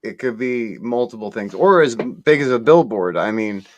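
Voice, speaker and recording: A man hosting a casual talk show about the paranormal, speaking in a relaxed, reflective way. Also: mid-range voice, normal speed, slight background noise. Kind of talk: casual chat.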